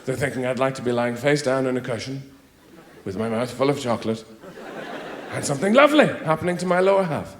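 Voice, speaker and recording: A man from Ireland doing a stand-up comedy set, rambling, muttering into asides and then bursting into loud mocking quotes, recorded live in a roomy venue. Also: mid-range voice, lively intonation, fast talker, a little hiss or hum.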